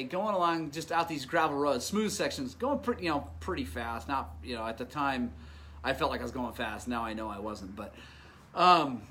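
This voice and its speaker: A middle-aged man recounts a race in a relaxed, storytelling way, poking fun at himself and breaking into laughter often. His voice sits a little high and comes across bright and forceful. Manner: animated, self-mocking, laughs often. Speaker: off-road motorcycle racer telling a race story. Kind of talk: casual storytelling.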